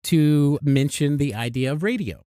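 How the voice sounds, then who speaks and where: Smooth-voiced upbeat podcast host man. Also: a little high, normal speed, warm tone, no echo, clean studio sound. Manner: upbeat, laughs often, rambling restarts. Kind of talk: casual podcast chat.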